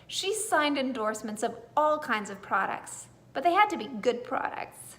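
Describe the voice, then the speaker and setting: A woman reading a bedtime story aloud in a gentle, expressive way. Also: on the high side, measured pace, hardly any pauses. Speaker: storybook reader.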